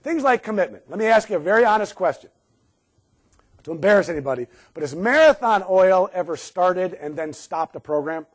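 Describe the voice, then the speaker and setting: A middle-aged man giving a live safety talk to a room, sarcastic and lively, laughing often. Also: high-pitched, a little fast. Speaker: safety speaker.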